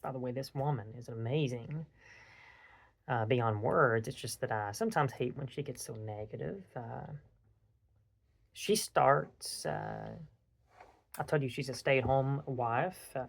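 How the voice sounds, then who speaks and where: A man with a gravelly, mid-pitched voice talks in a loose, rambling way. He tells an animated story to a friend and swears freely. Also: a little slow, long pauses. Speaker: podcast host. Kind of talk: casual chat.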